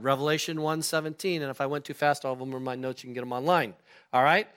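A man preaching a sermon to his congregation in a lively, animated way, acting out the people in the scripture. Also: medium pitch, fast, smooth. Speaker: pastor. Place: church sanctuary.

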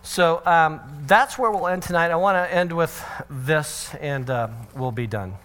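Joking pastor giving a parenting talk. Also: male voice, fairly high pitch, unhurried, fairly bright tone. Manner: conversational and joking; often acts out quotes in changed voices. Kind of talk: church parenting seminar talk.

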